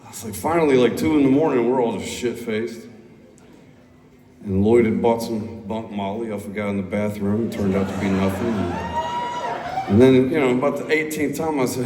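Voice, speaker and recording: A man on stage telling a long, rambling, profane story between songs, laid-back and loose. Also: medium pitch. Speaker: musician on stage. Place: large concert hall indoors. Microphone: stage PA recorded by audience phone. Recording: echoey hall, crowd noise, far off.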